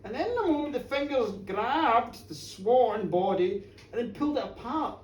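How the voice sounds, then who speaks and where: A woman telling a folk tale live, dramatic, moving from hushed murmurs to shouts. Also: a little high, big pitch swings, normal speed. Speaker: storyteller. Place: bar, live performance before an audience. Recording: roomy, distant live bar recording.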